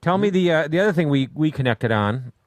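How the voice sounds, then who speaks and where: A man's voice: a little high, expressive, dry recording. A man co-hosting a podcast, bantering and teasing his guest. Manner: teasing, quick back-and-forth banter. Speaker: podcast co-host. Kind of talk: casual chat.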